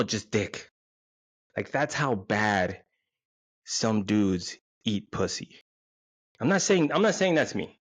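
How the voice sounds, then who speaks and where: A man's voice: on the low side, no room sound. A man in his forties, hosting with a crude, rambling, self-mocking comedic monologue. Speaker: podcast host.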